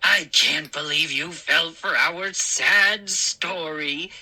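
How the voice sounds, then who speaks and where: A woman voicing small, gleeful, mischievous gnomes with shrill, sneering, giggly voices. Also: takes it slowly, sharp tone, breathy edge, exaggerated voice.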